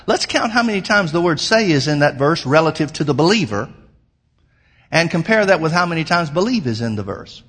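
A husky, slightly bright voice on the high side, with lively intonation and a brisk pace, belongs to a middle-aged pastor. His sermon presses points with rising emphasis, then meanders into a personal story full of fillers.

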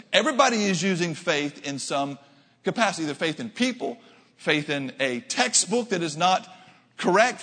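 An American man preaching a sermon in a church, telling stories with quick asides and animated delivery. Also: high-pitched, in a large hall. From United States. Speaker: pastor.

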